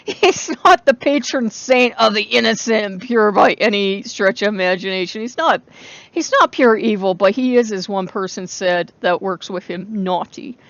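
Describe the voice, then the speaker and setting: A woman's voice: mid-range voice, lively intonation, normal speed, a bit bright, no echo, highs cut off. Swearing, rambling woman in her forties. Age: 40s. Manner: swears freely, rambling and laughing often. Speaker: channel host. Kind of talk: casual spoken vlog.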